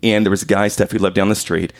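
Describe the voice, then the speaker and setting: A man's voice: low voice, quick pace. A man in his forties hosting a podcast, telling family stories with lots of laughter. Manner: animated storyteller, acts out quotes and laughs. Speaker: podcast host. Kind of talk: casual conversation.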